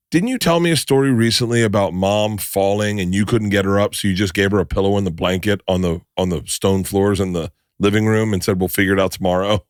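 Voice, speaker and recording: A man's voice: on the low side, no room sound, studio quality. A middle-aged man co-hosting a casual podcast with his wife, rambling and repeating himself, swearing now and then. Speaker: co-host, husband.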